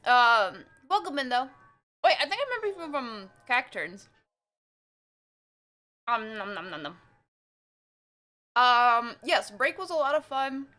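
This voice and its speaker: A woman streaming live, chatting casually with viewers and reading their messages, excitable and laughing often while she eats. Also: sits high, normal speed.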